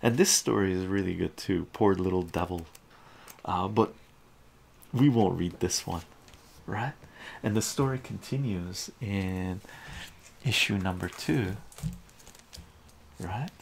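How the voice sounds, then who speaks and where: A man's voice: sits low, slow, creaky, pauses often, husky. A man casually narrating a comic book aloud in a chatty, amused way. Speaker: comic book reader, streamer.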